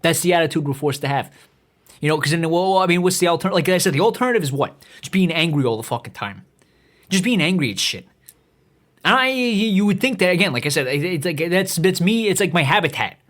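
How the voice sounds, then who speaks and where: Brief: man, about 30, rapid-fire podcast ranter, slightly high voice, swears and stumbles over restarts. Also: animated, a bit bright. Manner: swearing, stammering restarts, heated rambling. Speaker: podcast host. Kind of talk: profane comedic rant monologue.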